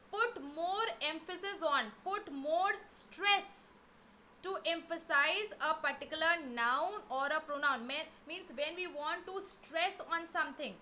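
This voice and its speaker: A woman teaching a grammar lesson, explaining slowly and repeating key words. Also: very high-pitched, sharp tone, slight background noise. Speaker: English teacher. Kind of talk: online class lesson.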